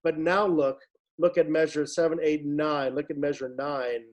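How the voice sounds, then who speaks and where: A male choir director explains a piece in a somewhat high voice. He talks haltingly, full of "um" and restarts, and now and then sings a short phrase to demonstrate. The tone is that of a patient rehearsal explanation. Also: level tone, low-quality recording. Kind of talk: rehearsal instruction.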